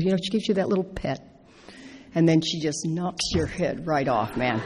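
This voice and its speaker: A middle-aged woman shares a personal story from the stage of a large convention hall. She talks in a lively, animated way, acting out what she said and laughing along. Her voice carries a long, echoing reverb. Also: sits low, normal speed, slight background noise. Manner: animated, acts out her own quotes, laughs through the story. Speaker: speaker at a recovery convention.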